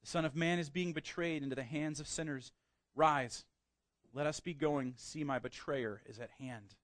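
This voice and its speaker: A man's voice: a little high, moderate pace, fairly bright tone, no echo. A man preaching a sermon who reads scripture aloud, then preaches with rising emphasis and asks the congregation questions. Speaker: pastor.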